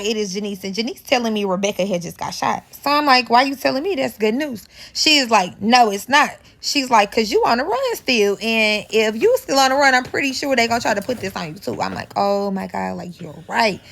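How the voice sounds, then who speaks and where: A woman's voice: a little high, a little fast, gravelly, hardly any pauses. A woman with a St. telling a casual, profane storytime, acting out the people in it. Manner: animated, profane, acts out quoted dialogue.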